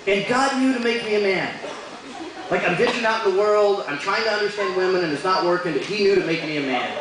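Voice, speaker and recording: A young man performing a stand-up comedy set in a bar, delivering crude jokes with deadpan punchlines. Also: sits high, fast, noisy background. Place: bar stage with live audience. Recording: echoey bar room from far off.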